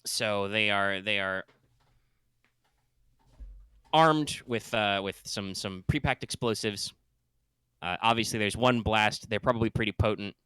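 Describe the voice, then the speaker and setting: A man running a tabletop game as game master, talking in an animated, casual way. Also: lowish voice, unhurried, pauses often, clean tone, no echo.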